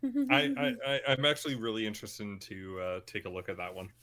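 Low, bright-toned male player, easygoing and a touch hesitant. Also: huge pitch swings, brisk. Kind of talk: casual group chat.

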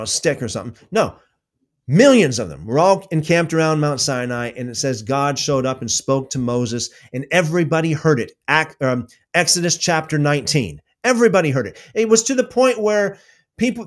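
A man giving an animated religious talk, answering viewer questions with emphatic repetition and loud exclamations. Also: a little high. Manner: emphatic, repeats words, swings into loud exclamations.

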